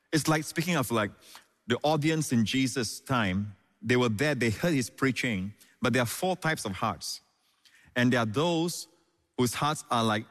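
A man preaching from the pulpit in a mid-pitched voice. He stresses his lines, repeats them for weight, and calls out hallelujah between points. The sound rings with the long reverb of a large hall. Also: fairly bright tone. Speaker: pastor. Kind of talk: sermon.

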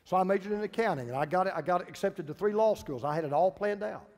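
Middle-aged pastor preaching in a reverberant hall. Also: male voice, high voice, fast talker. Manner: emphatic preaching with dramatic drops to a hushed voice. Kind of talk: sermon. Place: church sanctuary.

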